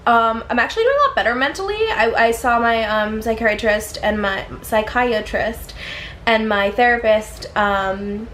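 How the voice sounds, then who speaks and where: A woman's voice: fairly high pitch, expressive, normal speed, hardly any pauses, a bit bright, slight background noise. Rambling woman vlogging from her apartment. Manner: rambling, many fillers and restarts. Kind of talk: casual personal storytelling. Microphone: camera on a tripod.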